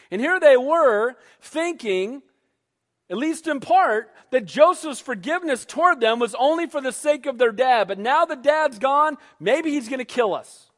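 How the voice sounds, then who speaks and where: A man preaching a sermon, animated, who acts out quoted voices and calls for amens. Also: very high voice, unhurried. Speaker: pastor. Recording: long hall reverb.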